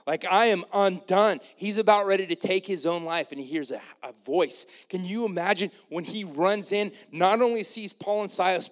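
A man preaching a sermon as pastor, reading scripture and acting out the characters with lively voices. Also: on the high side. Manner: animated, acts out the Bible characters in voices.

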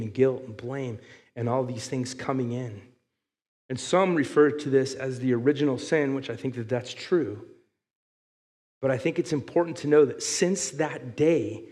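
A man preaching a sermon, reading scripture aloud and building to loud, emphatic passages. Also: medium pitch, long reverb tail. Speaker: pastor.

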